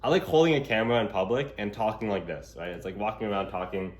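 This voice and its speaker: A man's voice: lowish voice, fast. A young man talking casually to a handheld camera while walking in public, rambling with lots of fillers. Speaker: vlogger. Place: outdoors in public. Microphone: gimbal camera held while walking.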